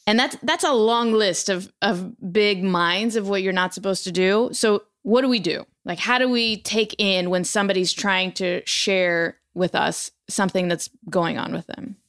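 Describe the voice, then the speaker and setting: A woman hosting a conversation, chatty and quick to laugh as she walks through a list of points. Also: mid-range voice, fairly bright tone, clean tone. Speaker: host. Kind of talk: casual podcast conversation.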